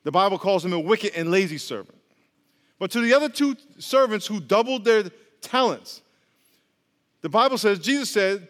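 High-voiced man preaching in echoey hall. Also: expressive, brisk. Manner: conversational, joking, call-and-response. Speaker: pastor. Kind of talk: sermon.

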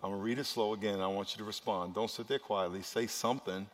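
A man preaching a sermon as pastor, swinging between loud urgent passages and quiet, hushed ones. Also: on the low side, fairly even intonation, quick pace. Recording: long reverb of a large hall.

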